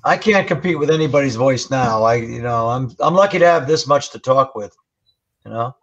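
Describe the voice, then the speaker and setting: Man, Rhode Island accent, husky voice, relaxed chat, dull lo-fi audio. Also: mid-range voice, fairly quick. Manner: relaxed, easygoing, full of "you know". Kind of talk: casual livestream chat.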